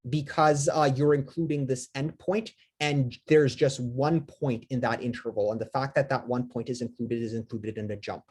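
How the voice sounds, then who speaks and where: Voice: mid-range voice, steady tone, normal speed, hardly any pauses, a little mellow, slightly rough. A lecturer giving a live math lecture, talking with many fillers, restarts and self-corrections, and asking the class questions.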